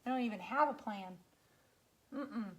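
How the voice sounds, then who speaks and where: A woman hosts a live painting stream from her garage, and her voice sits a little higher than most. She keeps up a chatty, playful patter, teasing her viewers and talking straight to them while she works. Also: a little slow, fairly bright tone, lo-fi sound. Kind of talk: casual live-stream chat. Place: home garage.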